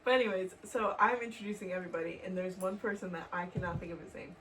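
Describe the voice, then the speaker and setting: A woman's voice: on the low side, fairly even intonation. Quipping woman, distant from the mic. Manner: laughing, quick dry quips. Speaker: podcast co-host. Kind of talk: casual chat. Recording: distant mic with faint background noise.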